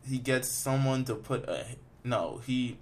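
A man's voice: medium pitch, measured pace, darkish tone, slight background noise. A young man on a podcast rambling through a film recap with lots of fillers and profanity. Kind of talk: casual chat, recapping a film.

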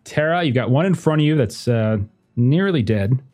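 A man's voice: mid-range voice, animated, normal speed, a little mellow. A man in the middle of his range runs a tabletop game as game master, talking on his own mic over a voice call. He halts and thinks aloud with many fillers and laughs often as he goes, while faint music plays behind him.

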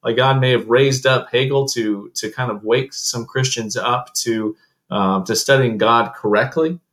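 A man hosting an interview in a relaxed, conversational way, at an ordinary middle pitch. He frames his questions loosely, leaning on fillers and hedges as he goes. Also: measured pace. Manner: casual, with hedging fillers like "kind of". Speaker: interview host. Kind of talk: casual interview.

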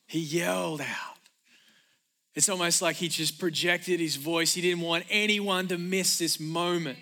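Pastor, male, high bright voice, emphatic energetic sermon delivery with repeated refrains. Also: a little slow.

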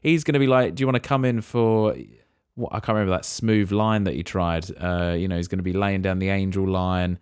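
A man's voice: sits low, a little fast, few pauses, clean tone. Joking man hosting a casual chat. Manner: joking, playful asides. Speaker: podcast host. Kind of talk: casual chat about a film.

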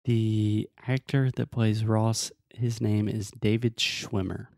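A man's voice: fairly low pitch, flat delivery, takes it slowly, vocal fry, a little mellow, no room sound, clean studio sound. A man co-hosting a podcast as an English teacher, patiently explaining words and drilling pronunciation in casual chat.

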